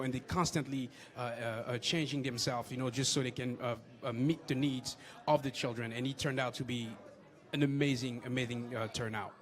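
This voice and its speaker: French-accented man, halting filmmaker. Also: medium pitch. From France. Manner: hesitant, many fillers. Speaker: filmmaker guest. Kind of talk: casual interview.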